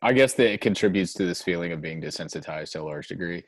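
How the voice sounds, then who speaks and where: A young man talking as a guest in casual chat, halting and hedging, swearing casually. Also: deep voice, lively intonation, dry recording. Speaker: guest, musician.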